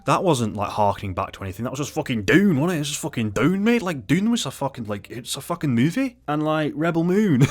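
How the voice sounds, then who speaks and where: A man's voice: mid-range voice, big pitch swings, fast, few pauses. A young man ranting in a sweary, hyperbolic, self-mocking video essay.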